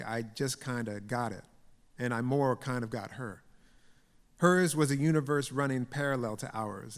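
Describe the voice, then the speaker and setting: Man reading poetry in a reverberant theater. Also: medium pitch. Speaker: poet giving a keynote reading. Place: theater stage. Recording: long hall reverb in a theater.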